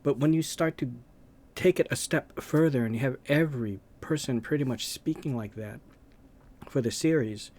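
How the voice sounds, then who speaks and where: A man's voice: mid-range voice, moderate pace, darkish tone. A man making gaming videos, ranting casually and rambling, with lots of hesitations and restarts.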